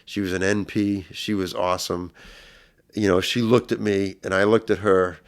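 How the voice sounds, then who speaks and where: A middle-aged man speaks as a podcast guest, recounting a personal ordeal with earnest emotion. His voice sits low and deep and is smooth and resonant, and it grows louder when the story turns intense. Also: flat delivery, moderate pace.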